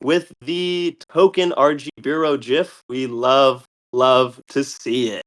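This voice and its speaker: A young man hosting a live game stream, calling out the action excitedly and often tripping over his words with quick restarts. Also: mid-range voice. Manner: excitable, shouts and laughs often. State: a bit out of breath. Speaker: host.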